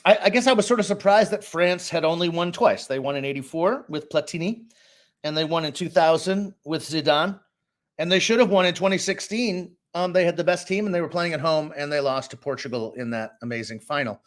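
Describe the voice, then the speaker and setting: A middle-aged man from Boston talks sports on a casual podcast. His voice sits a bit high, and he gives opinionated, animated takes as a co-host. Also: fairly quick.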